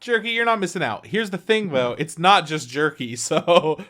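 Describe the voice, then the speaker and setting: A man's voice: a little high, sing-song, normal speed, a bit bright. Easygoing male podcast co-host, casual banter. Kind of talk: casual chat.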